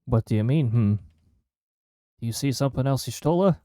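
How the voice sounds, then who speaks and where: A man's voice: mid-range voice, animated, a little fast, warm tone, no room sound, clean studio sound. A man casually commenting as he streams a role-playing game, chatty and joking, sometimes reading game lines aloud.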